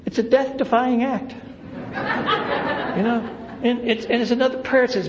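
A man speaking to a meeting about recovery, telling humorous, animated stories, recorded in a roomy hall with an audience. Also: very high-pitched, normal speed, highs cut off, a crowd in the background. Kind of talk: storytelling talk to a meeting.

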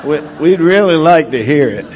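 A middle-aged man at a recovery meeting telling his story in a wry, self-deprecating way, rambling with many pauses. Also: on the high side, expressive, crowd noise. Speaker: speaker sharing at a recovery meeting. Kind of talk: storytelling share. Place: meeting room. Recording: slightly dull recording with faint room noise.

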